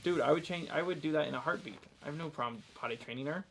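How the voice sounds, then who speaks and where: A fairly high-voiced man hosts a live sale and keeps reading out lot numbers between relaxed, chatty stories. His voice is slightly raised in pitch, with a faint noise in the background. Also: fast, gravelly. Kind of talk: casual chat between lot calls.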